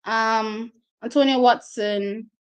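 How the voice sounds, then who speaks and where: A woman with a slightly high voice hosts her own track and field vlog. She chats loosely and directly to her viewers, reacting to each result with open feeling. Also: fairly even intonation, slow pace, clear, resonant tone. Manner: chatty, addresses viewers directly, openly emotional. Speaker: track and field channel host. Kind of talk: casual vlog commentary on race results.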